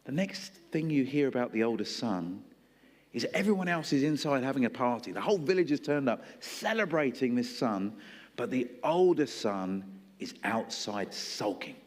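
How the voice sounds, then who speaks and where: A male preacher with a medium-pitched, animated voice delivers a sermon at a moderate pace, telling stories conversationally and acting out voices. He's in a church hall, and the recording has long hall reverb.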